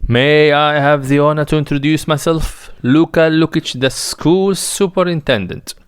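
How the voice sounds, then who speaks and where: List: nervous tongue-tied school superintendent, read by a man, halting, stumbling, dry close sound. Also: on the high side, steady tone, clear, resonant tone, no room sound, lightly acted. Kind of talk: dramatic reading of a play.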